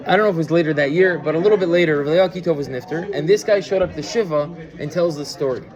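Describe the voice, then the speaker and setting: A man with a fairly high voice teaches a class in a loose, chatty way, stumbling through restarts and throwing questions at his listeners. Audience noise can be heard around him in the room. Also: racing, a crowd in the background. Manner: conversational, full of fillers and restarts, asks the listeners questions. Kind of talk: informal Torah lecture with storytelling.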